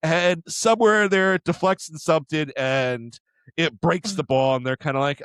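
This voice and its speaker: A man co-hosting an anime podcast, retelling episodes in an animated way with quick character impressions and frequent laughs. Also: a little high, dry recording. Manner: laughs often. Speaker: podcast co-host. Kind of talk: casual anime discussion.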